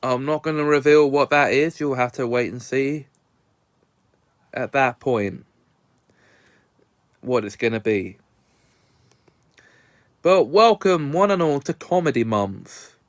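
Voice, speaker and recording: A man's voice: mid-range voice, lively intonation, takes it slowly, pauses often, dry recording, clean studio sound. A young British man reviewing a comedy film in a jokey, put-on Australian accent, sprinkling his talk with slang. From Britain. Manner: jokey, peppers speech with "bloody" and "mates". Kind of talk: casual review vlog.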